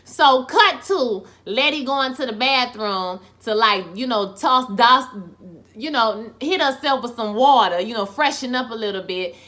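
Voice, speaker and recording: A woman giving a sassy, expressive, profane recap of a TV episode. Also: a little high, a little slow. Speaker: TV recap vlogger.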